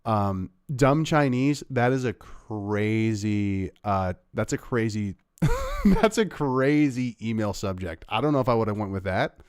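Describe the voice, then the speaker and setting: A man's voice: lowish voice, very animated, measured pace, clean tone, no echo, studio quality. A man hosting a livestream, giving casual, sarcastic commentary on clips he plays, rambling with fillers. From Canada. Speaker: livestream host reacting to clips.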